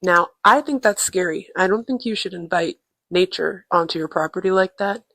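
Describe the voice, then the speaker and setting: A woman's voice: on the low side, normal speed, creaky, sharp tone, dry recording. A woman podcast co-host recording a casual travel audio diary at a relative's home on a tiny clip-on mic, talking in a playful, jokey, mock-serious way. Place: indoors at a relative's family home. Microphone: tiny clip-on influencer microphone.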